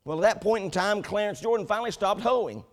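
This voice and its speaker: A man preaching a sermon, telling a story with animated build-ups before turning to the scripture text. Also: high voice, fast talker. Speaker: pastor.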